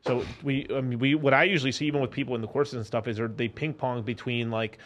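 A man's voice: mid-range voice, steady tone, quick pace, fairly bright tone. A man in a casual podcast chat, rambling with many fillers like "like" and "I mean" and false starts.

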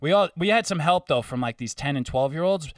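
A man telling a long story in casual podcast chat, animated, swearing and mimicking the people he met. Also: on the high side, fairly quick, dry recording, studio quality, recorded from a distance.

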